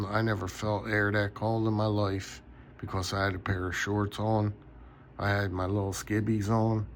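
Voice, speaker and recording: Sleepy, slow-talking man vlogging at night. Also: low voice, slight background noise. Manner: tired, rambling, yawning. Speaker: knife collector vlogger. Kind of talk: casual rambling vlog. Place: bedroom at night.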